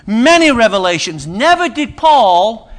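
A man's voice: extremely high pitch, very animated, a little slow. A man preaching a sermon, conversational and humorous with emphatic turns.

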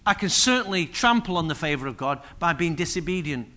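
A man preaching a sermon, acting out biblical speakers with sudden loud bursts. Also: a little high, brisk. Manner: energetic preaching, voices biblical figures with sudden loud rises. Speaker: pastor.

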